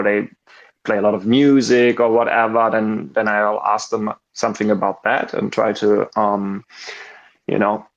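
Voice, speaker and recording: A man from Germany with a German accent, speaking English in casual chat, halting and full of ums and restarts. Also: on the low side, low-quality recording. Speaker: caller in an audio chat room.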